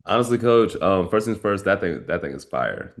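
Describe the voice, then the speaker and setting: A man's voice: low-pitched, lively intonation, moderate pace. A man on a group call praising his coach, speaking with hesitant fillers. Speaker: mentee on call.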